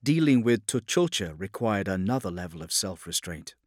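A man narrating a science fiction audiobook in a measured, grave storytelling manner. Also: low-pitched, very animated, no room sound, studio quality. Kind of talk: scripted dramatic narration.

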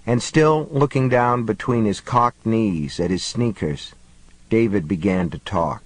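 A man narrating an audiobook in a measured, even reading. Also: lowish voice, no room sound, low-quality recording. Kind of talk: scripted narration.

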